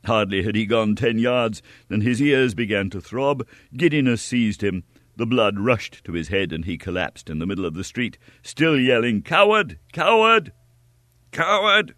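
Man, deep voice, audiobook narration, lively, expressive, dry close recording. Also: normal speed, no room sound.

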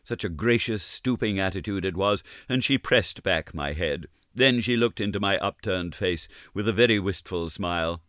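A man reading a novel aloud in first person, earnest and measured in his delivery. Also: low voice, fairly bright tone, no room sound, studio quality. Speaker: audiobook narrator.

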